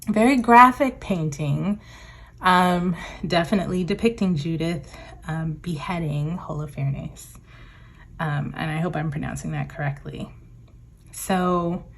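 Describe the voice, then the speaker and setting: A woman with a slightly low voice talks through a tarot reading in a relaxed, musing way. She reads card meanings aloud and drifts into chatty asides with easy laughter. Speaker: tarot reader. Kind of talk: casual spoken tarot reading.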